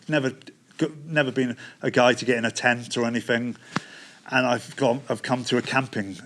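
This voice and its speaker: A middle-aged man with a Devon English accent, telling his personal story with halting restarts and quoted bits of conversation. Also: medium pitch. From England. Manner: recounts events with quoted dialogue, halting restarts. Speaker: testimony speaker.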